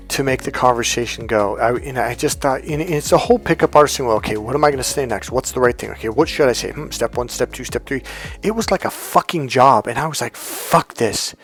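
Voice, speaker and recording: Blunt, profane male dating coach. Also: medium pitch. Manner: blunt, swears freely, acts out quoted lines. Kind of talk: storytelling monologue to camera.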